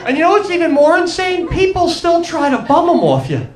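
A man's voice: extremely high pitch, huge pitch swings, a little fast, noisy background. A man with a New York accent doing a stand-up set, brash and conversational, talking directly to the crowd in a comedy club. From New York, USA. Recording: echoey club, loud crowd.

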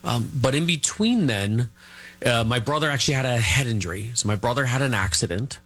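A middle-aged man telling a family story as an interview guest, rambling and halting, full of fillers and restarts. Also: medium pitch, lively intonation, a bit bright.

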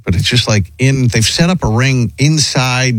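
A man hosting a radio talk show, chatting casually and reading listener emails aloud, wondering aloud with quick asides. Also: mid-range voice, dry recording.

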